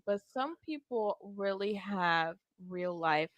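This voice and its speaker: A woman's voice: medium pitch, expressive, slow pace, no room sound. A woman co-hosting a wrestling watch-along podcast, chatty and teasing in casual talk, laughing easily. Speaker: podcast co-host.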